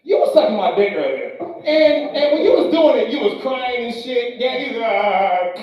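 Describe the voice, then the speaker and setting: A male comedian doing a stand-up set, loud and brash, swinging between shouting and muttering, on a club stage. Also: very high voice, animated, moderate pace. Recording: echoey distant club recording, dull sound.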